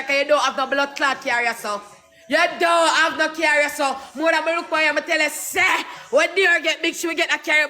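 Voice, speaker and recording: High-voiced Jamaican man ranting and shouting. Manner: heated, shouting, cursing, rapid patois. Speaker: social media personality. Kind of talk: angry profane rant.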